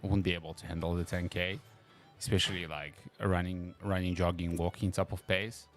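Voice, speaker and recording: A man's voice: low voice, little pitch movement, a little fast, soft background music. A man chatting casually on a podcast, loose and filler-heavy with lots of "like". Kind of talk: casual chat.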